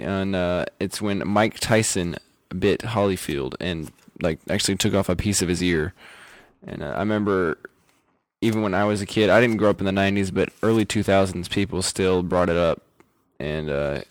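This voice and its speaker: Young male podcast host, deep voice, dry close sound, relaxed chatter. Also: no room sound. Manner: laid-back, chatty, with fillers. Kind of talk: casual podcast chat.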